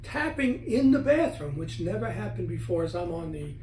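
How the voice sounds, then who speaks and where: High-voiced man telling stories in a roomy space. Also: normal speed, a little hiss or hum. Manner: animated storyteller, acts out his own words. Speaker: guest author on spirits. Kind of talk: casual interview chat. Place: at home. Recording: roomy, from a distance, faint ambience.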